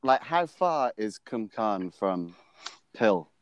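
A young man in casual chat with an old friend, reacting quickly and laughing along. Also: fairly low pitch, big pitch swings, dry recording.

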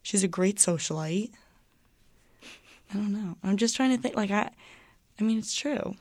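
A woman's voice: medium pitch, normal speed, a little mellow, dry recording. A young woman student, a guest on a casual podcast, rambling and saying "like" a lot. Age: young adult. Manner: rambling, heavy use of "like".

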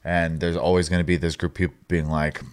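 A man in casual chat, relaxed, chiming in with short agreements and brief rants. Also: low voice, fast talker, smooth.

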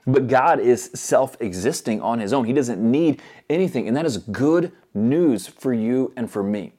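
A man preaching a sermon earnestly, moving between loud urgent stretches and soft hushed ones. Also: mid-range voice, lively intonation, measured pace, slightly rough.

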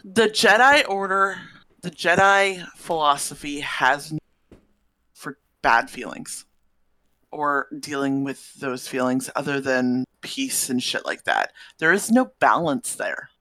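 Podcast co-host, woman, bright forceful tone, dry close sound, thoughtful and hesitant. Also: sits low, expressive, takes it slowly, no room sound, poor audio. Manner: thoughtful, hesitant, restarts often. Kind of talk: casual podcast chat.

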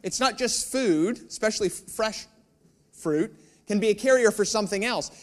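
A man's voice: high voice, moderate pace. A man preaching a sermon, telling a personal story and acting out the dialogue with humor, asking the audience questions. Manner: animated storyteller, acts out dialogue; joking, addresses audience with questions.

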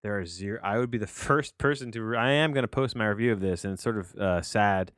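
Low-energy man rambling on a podcast. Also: fast, a bit bright, no room sound, studio quality. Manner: rambling, meandering, self-questioning. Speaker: podcast host and movie reviewer. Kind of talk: casual solo podcast monologue. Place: his home office.

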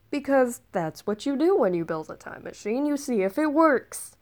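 A chatty woman with a fairly high voice rambles through an in-character story, breaking off for dry, sarcastic asides. Her pitch swings widely, climbing and dropping as she talks. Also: animated, normal speed, hardly any pauses, darkish tone. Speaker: time-traveler storyteller.

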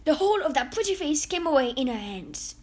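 A woman reading a children's story aloud in an expressive, dramatic way. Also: sits high, fairly quick.

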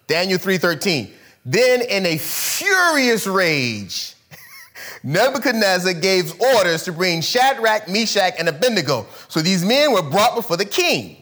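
A man preaching a sermon, retelling a Bible story with lively storytelling and casual slang. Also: high-pitched, measured pace. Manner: animated storytelling, acts out characters in casual slang.

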